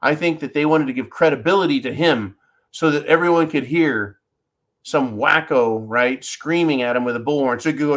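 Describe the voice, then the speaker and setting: A man's voice: on the high side, normal speed, fairly bright tone. A man hosting a solo commentary show, talking in an indignant, emphatic way and repeating words when stirred up. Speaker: political commentary host.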